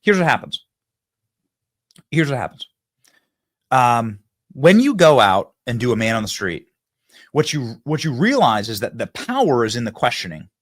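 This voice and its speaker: A man hosting a political talk show, giving an energetic monologue that repeats phrases and acts out debate lines. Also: medium pitch, normal speed. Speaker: political commentator and show host.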